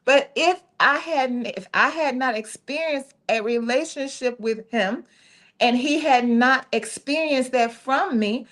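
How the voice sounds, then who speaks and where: A woman's voice: high voice, a little slow, fairly bright tone. A middle-aged woman radio co-host, telling a personal story in a candid, folksy way and laughing often.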